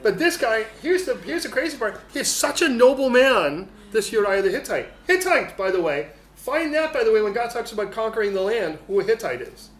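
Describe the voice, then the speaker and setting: A male pastor giving a humorous, animated sermon in a church hall. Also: high-pitched, a little fast, hardly any pauses. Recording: echoey hall, faint noise.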